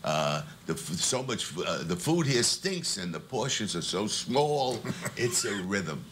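Older comedian with a lively, bright voice. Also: male voice, on the low side, measured pace, a little hiss or hum. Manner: tells jokes in a punchy, rhythmic delivery. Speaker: veteran comedian interviewed. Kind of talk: reminiscing interview.

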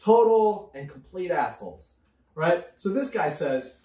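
Guy cohosting a drinking podcast, high-ish voice, cussing, roomy echo. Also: big pitch swings, a little slow, warm tone, far from the mic. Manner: profane, ranting. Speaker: podcast co-host. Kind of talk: casual drinking chat.

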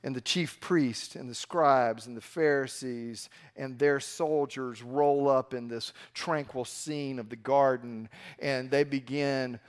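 Animated storytelling pastor, man. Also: medium pitch, takes it slowly, hardly any pauses, smooth. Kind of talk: sermon.

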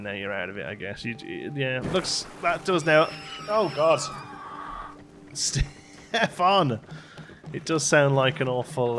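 Chatty man talking through a game. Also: mid-range voice. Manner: chatty, talks to his game characters. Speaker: let's play host. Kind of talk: casual gameplay commentary. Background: faint game music.

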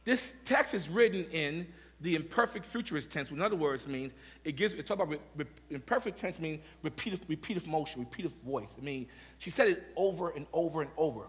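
A man with a high, bright, ringing voice preaches to a congregation, rising into fervent shouts and repeating himself as he calls out to the people. The sound carries the long, echoing reverb of a church sanctuary. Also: lively intonation, a little fast. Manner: impassioned preaching that builds to shouts. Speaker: senior pastor. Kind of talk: sermon.

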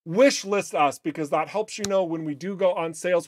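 A game studio host chats casually on a livestream, playful and upbeat, tossing in jokey asides. Her mid-range voice is slightly raspy today and moves at a normal speed, with a little hiss or hum in the background.

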